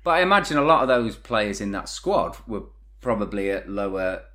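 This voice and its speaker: A man co-hosting a casual chat, measured and reflective, laughing easily. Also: on the low side, big pitch swings, sharp tone. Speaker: podcast co-host.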